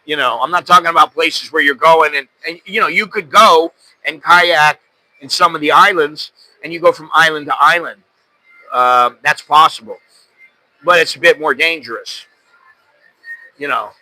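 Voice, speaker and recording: A middle-aged American man hosts a casual podcast, drifting through stories with plenty of self-deprecating asides. His voice is very bright and sits a little high. The sound is dry and close. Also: normal speed, no echo, low-quality recording. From United States. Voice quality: rambling, self-deprecating storyteller. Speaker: podcast host. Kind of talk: casual chat.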